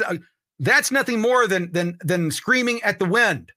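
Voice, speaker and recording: A man's voice: sits high, moderate pace, sharp tone, no echo, studio quality. A man hosting his own podcast, delivering an emphatic political monologue and repeating points for emphasis. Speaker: podcast host.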